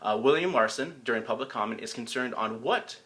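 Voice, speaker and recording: A man's voice: medium pitch, lively intonation, a little fast, a bit bright. A man hosting a casual local morning show, loose and rambling with lots of fillers. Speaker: host.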